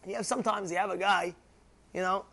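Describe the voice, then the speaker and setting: A man teaching a religious class, animated, often acting out quarrels and asking if listeners follow. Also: high-pitched, brisk, creaky. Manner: animated, acts out shouting voices, asks "you know?" often. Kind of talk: Torah class sermon.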